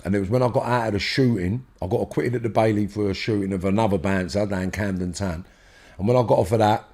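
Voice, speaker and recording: A middle-aged London man telling a rough story as a podcast guest, swearing and acting out the voices of the people in it. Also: lowish voice. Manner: swearing, animated, acts out quoted voices loudly. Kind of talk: storytelling in an interview.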